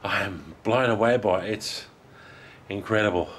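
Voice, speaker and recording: A man vlogging outdoors while walking, out of breath, excited and chatty, laughing often. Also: on the low side, moderate pace, slight background noise. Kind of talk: casual vlog while walking. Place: outdoors in a park.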